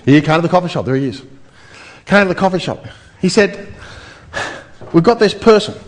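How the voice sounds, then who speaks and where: Animated man pitching to an audience. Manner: animated, addresses the crowd with rhetorical questions. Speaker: seminar speaker. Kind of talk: property seminar pitch to a live audience.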